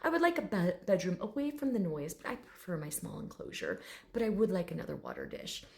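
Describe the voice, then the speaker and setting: Woman doing a refined little male dragon spirit: formal, soft-spoken, unhurried, haughty intellect. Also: on the low side, wildly swooping pitch, vocal fry, full character voice. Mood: prim.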